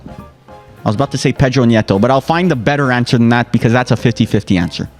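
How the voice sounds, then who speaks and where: A man's voice: mid-range voice, quick pace, faint music behind. A man competing in a quiz with friends, joking around and trash-talking in casual banter. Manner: playful, trash-talking, jokey. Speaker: quiz contestant.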